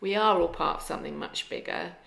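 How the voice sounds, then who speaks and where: A woman's voice: on the low side, fairly quick, creaky, fairly bright tone. A woman co-hosting a casual podcast chat, reflective and a bit hesitant, searching for her words as she talks. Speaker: podcast co-host and tarot reader. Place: kitchen table at home. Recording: echoey kitchen room.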